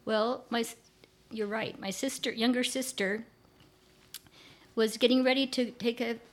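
An older woman talks as an interview guest, her slightly high voice running on with eager, rambling sentences. She restarts her thoughts often and sounds pleased by her subject. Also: steady tone, unhurried. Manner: chatty, enthusiastic, rambling with restarts. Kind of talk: casual conversational interview.

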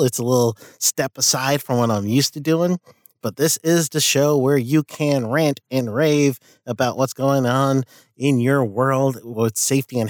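A man's voice: mid-range voice, no echo. Male guest host, loose and profane, ranting straight into a dry mic. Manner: blunt, profane, laughing asides. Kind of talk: casual podcast monologue and rant.

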